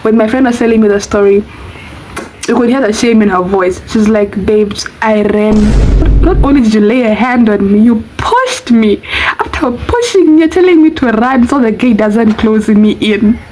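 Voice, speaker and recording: Girl in her 20s doing a storytime vlog, animated and chatty, voice on the high side. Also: brisk, a little hiss or hum, rough recording. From Namibia. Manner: animated, chatty, exclamatory asides. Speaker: vlogger.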